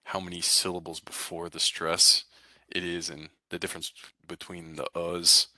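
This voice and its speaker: Low-voiced, casual male language teacher. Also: monotone, moderate pace, sharp tone, no room sound, clean studio sound. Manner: casual, rambling with fillers and restarts. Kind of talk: recorded class lecture.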